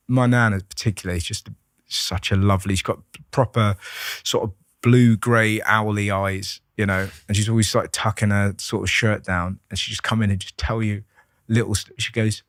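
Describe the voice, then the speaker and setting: British man, low voice, rambling candid stories, dry close sound. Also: dry recording. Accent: British English. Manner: rambling, halting with many restarts and fillers, swearing freely. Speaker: guest comedian. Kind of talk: candid conversational storytelling.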